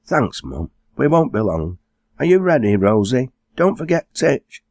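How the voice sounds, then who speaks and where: Cheeky teen farm girl, quick and teasing, pitched way up, as a male narrator puts her on, a bit husky. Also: very animated, darkish tone, dry recording. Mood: bright.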